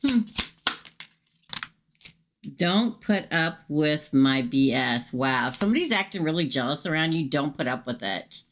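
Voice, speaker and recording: A middle-aged woman hosts a casual tarot reading live, talking straight to her viewers in a chatty, upfront way. Her voice sits fairly low but swings widely in pitch. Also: expressive, a little slow, long pauses, slight background noise. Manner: chatty, upfront, talks straight to viewers and reads chat aloud. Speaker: tarot reader hosting a livestream.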